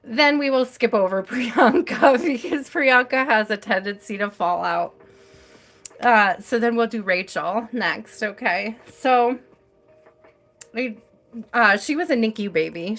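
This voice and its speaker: A woman's voice: fairly high pitch, measured pace, fairly bright tone. A woman hosting a live tarot stream, chatting casually and telling stories with frequent laughter. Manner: chatty storyteller, laughs often.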